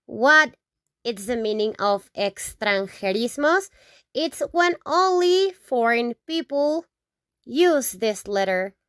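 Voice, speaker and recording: Slow, dry-voiced woman teaching words. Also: fairly high pitch, animated, a bit bright, smooth, dry recording. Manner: repeats each word several times, checks in with "okay?". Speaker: Spanish teacher. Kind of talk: slow, repetitive vocabulary lesson.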